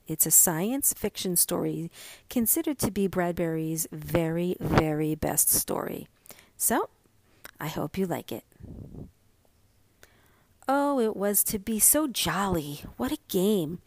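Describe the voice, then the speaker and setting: Woman host-narrator, slow expressive story reading, dry close sound. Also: medium pitch, no room sound. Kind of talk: reading a short story aloud.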